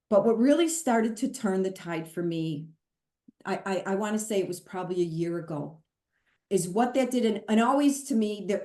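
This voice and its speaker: A middle-aged woman talks openly and earnestly, animated as she recounts her own experience. Her voice sits at an ordinary pitch for a woman. The recording carries a noticeably roomy echo. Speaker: pastor and guest. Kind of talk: candid podcast conversation.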